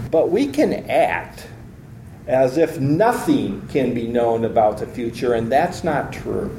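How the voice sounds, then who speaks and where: A man's voice: a little high, warm tone, a little hiss or hum. A man teaching a Bible lesson in an earnest, step-by-step lecture manner, reading scripture aloud and explaining it. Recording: echoey room recording.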